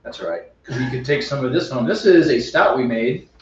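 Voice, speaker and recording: A man co-hosting a homebrew show, relaxed and easygoing, often giving short agreeing replies. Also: mid-range voice, brisk, soft background music. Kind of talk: casual chat. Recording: echoey room, mic far off, dull.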